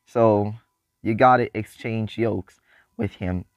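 A man hosting a casual faith podcast, talking excitedly with loose restarts. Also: on the low side, slow pace, no echo, clean studio sound. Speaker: podcast host.

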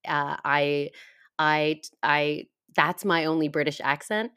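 A woman, a podcast guest chatting in an animated, giggly, self-deprecating way. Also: deep voice, takes it slowly, clean tone. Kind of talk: casual conversation.

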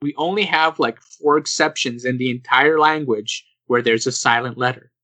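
A young man hosting a casual podcast chat, animated and laughing, acting out the people he quotes. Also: mid-range voice, normal speed, dry recording, rough recording. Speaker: podcast host.

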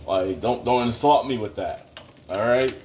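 A man of ordinary pitch talks loosely into a home podcast mic, rambling from one thing to the next and swearing freely. Now and then he bursts into laughing outrage. A faint hiss of background noise sits under his voice. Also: measured pace, a little mellow. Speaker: podcast host. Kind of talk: casual solo podcast rant. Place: home kitchen.

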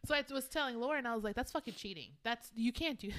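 A woman co-hosting a casual chat, telling an animated story and swearing freely. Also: a little high, fast, a little hiss or hum. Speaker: podcast co-host.

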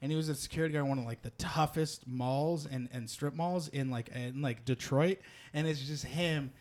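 A man hosting a podcast, telling stories in casual, profane, animated chat. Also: mid-range voice, normal speed. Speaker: podcast host.

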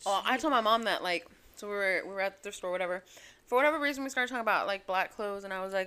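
A young woman chatting casually as a podcast co-host, telling profane stories with lively quoted voices. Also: mid-range voice, rapid-fire, smooth. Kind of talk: casual chat.

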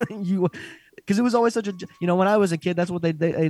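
A young man in casual podcast banter, cursing and laughing his way through fight talk. His voice sits a little high and sounds close and dry, with no room around it. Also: fast, dry recording. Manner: profane, animated, laughs often. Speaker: podcast co-host. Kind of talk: casual chat.

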